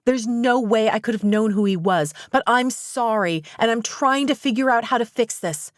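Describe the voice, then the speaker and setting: A woman audiobook narrator voicing a spirited, quick-tempered young woman in a romance story, in an emphatic, rising tone. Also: medium pitch, very animated, dry recording, clean studio sound, pitched above the performer's own voice, lightly acted. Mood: upset.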